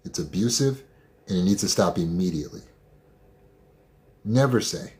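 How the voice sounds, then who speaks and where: A man speaks in a slightly low register, coaching listeners through trauma recovery. He is direct and emphatic, with a blunt, no-nonsense delivery in a motivational talk. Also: lively intonation, normal speed, pauses often, dark tone.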